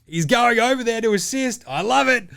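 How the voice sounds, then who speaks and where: A man's voice: very high-pitched, animated, moderate pace, gravelly, bright, forceful tone, dry recording, faint music behind. A man with an Australian accent hosting a basketball podcast in casual, profane, blokey banter. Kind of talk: casual sports chat.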